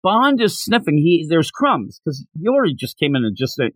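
A man's voice: on the high side, normal speed, no echo, poor audio. A man hosting a podcast, chatting casually as he retells a manga chapter and quotes its characters. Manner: animated retelling with quoted lines. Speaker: podcast host. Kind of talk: casual manga recap chat.

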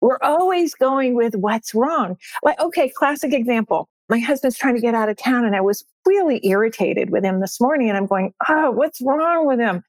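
A woman's voice: a little high, lively intonation, moderate pace, few pauses, darkish tone, no echo. Upbeat older woman coach, dry close mic. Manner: upbeat, emphatic, repeats key phrases. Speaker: guest success coach. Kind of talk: podcast interview.

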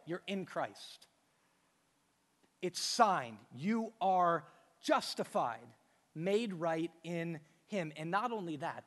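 A man with a high voice preaches an emphatic sermon, firing off rhetorical questions and hammering home repeated phrases. His voice rings with the long reverb of a large church hall. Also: lively intonation, unhurried, fairly bright tone. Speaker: pastor.

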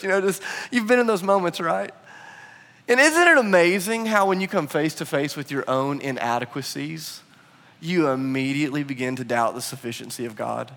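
A man preaching a sermon, telling a personal story with animated, acted-out quotes. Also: a little high, normal speed. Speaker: pastor. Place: church hall. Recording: long hall reverb.

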